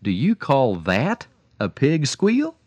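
A man voicing a shrewd, boastful farmer who scolds a crowd slowly and emphatically. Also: mid-range voice, wildly swooping pitch, darkish tone, no room sound, exaggerated voice. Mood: scolding.

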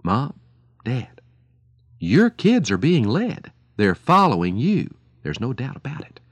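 A man's voice: mid-range voice, huge pitch swings, slow, husky, dry recording. A man preaching on the radio, telling stories in an earnest, pleading way and speaking to parents directly.

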